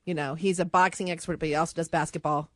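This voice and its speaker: A woman co-hosting a sports radio show, chatting casually and explaining her points in a measured way at a studio mic. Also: low-pitched, fairly even intonation, dry recording. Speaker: radio co-host. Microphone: studio microphone.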